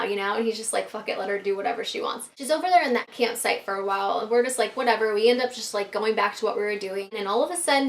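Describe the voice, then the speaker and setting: A woman vlogger telling a casual storytime to her viewers, animated, full of fillers and swearing. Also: medium pitch.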